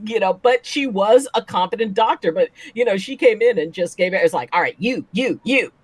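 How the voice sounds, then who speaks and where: A woman's voice: medium pitch, brisk, darkish tone, slightly rough, no room sound. A woman, a chiropractor, guesting on a casual chat show and telling stories animatedly, acting out what people said and laughing often.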